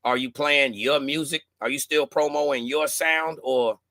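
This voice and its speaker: A man's voice: a little high, fairly even intonation, unhurried, bright, forceful tone, no room sound, clean studio sound. A middle-aged man hosting a podcast in laid-back slangy chat, often repeating words as he goes. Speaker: podcast host. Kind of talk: casual chat.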